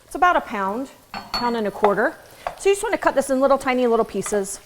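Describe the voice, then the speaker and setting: A woman's voice: high voice, lively intonation, fast talker. A woman chef giving a casual cooking demonstration in a kitchen, chatty and joking, with asides to the viewers. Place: kitchen at the stove. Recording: sizzling pan noise behind the voice.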